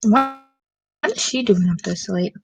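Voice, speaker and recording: A woman's voice: medium pitch, measured pace, creaky, music in the background, poor audio. A young woman streaming late at night, chatting casually and rambling with lots of filler words.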